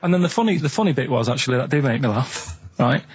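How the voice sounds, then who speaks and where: A man tells stories on a radio show in a flat, matter-of-fact way. His pitch sits in the middle range. The studio sound is dry and a little dull. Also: fast, slightly rough, no echo. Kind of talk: deadpan anecdote telling.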